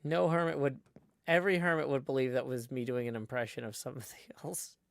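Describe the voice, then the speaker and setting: A man's voice: medium pitch, steady tone, fast talker, gravelly, dry recording. A man from Nashville, chatting casually on a livestream in a rambling, self-deprecating way. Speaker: streamer.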